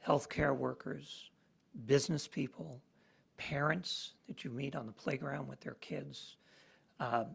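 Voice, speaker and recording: A man leads a school board meeting in a deeply gravelly, raspy voice. He speaks in measured, halting remarks with frequent fillers.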